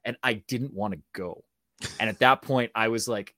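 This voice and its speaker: A man with a Canadian accent, a guest telling stories in casual talk, animated and acting out voices as he goes. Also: fairly low pitch, moderate pace, no echo, clean studio sound. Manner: animated, acts out voices in anecdotes. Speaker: guest, actor and speaking coach. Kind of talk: casual storytelling.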